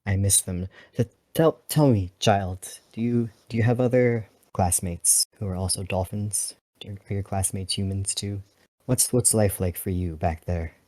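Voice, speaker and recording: Man doing a deep-voiced, formal dolphin war pilot, measured delivery, dry close sound, tabletop role-play. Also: steady tone, warm tone, dry recording. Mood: gentle, formal. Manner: measured and formal, calls others "child".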